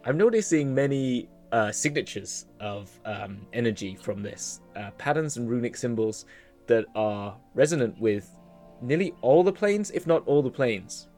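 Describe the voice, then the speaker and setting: A man voicing a sentient male magic orb that states facts in a flat, measured way during a tabletop game. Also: mid-range voice, faint music behind, lightly acted. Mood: matter-of-fact. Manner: flat, factual, slow pronouncements. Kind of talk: tabletop role-play.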